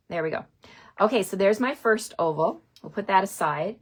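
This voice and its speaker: A woman's voice: mid-range voice, moderate pace. A middle-aged woman in a casual, chatty craft tutorial, talking through her stamping steps at a desk and often asking "right?". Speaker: card-making demonstrator.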